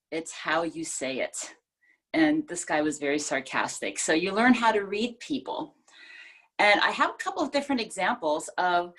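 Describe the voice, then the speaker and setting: A woman giving a prepared club speech over a video call, talking expressively and playing with which words she stresses. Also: medium pitch. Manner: expressive, demonstrates emphasis by changing stress. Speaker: speech presenter.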